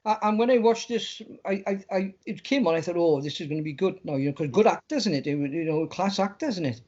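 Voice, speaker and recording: Man, high voice, rambling guest chat, dull lo-fi sound. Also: lively intonation, fast talker, a little mellow. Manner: rambling, repeats words, stumbling restarts. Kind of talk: casual chat.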